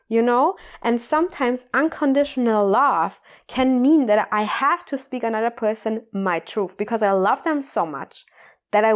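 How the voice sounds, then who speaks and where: Earnest woman coach, filler-heavy talk. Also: medium pitch. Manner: earnest, repeats "like" and "you know", laughs often. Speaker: mindfulness coach. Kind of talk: casual motivational talk.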